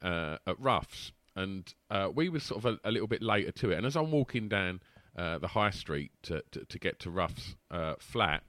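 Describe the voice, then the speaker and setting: A man's voice: deep voice, moderate pace, no echo. A man telling a rowdy anecdote in casual chat, laughing and acting out the voices. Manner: animated, laughing, acts out voices.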